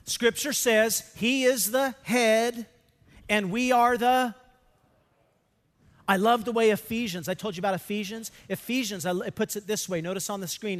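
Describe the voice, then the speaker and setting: Man, pastor, sermon, high pitched, emphatic, call-and-response questions, hall reverb. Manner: emphatic, asks the congregation questions and has them fill in words.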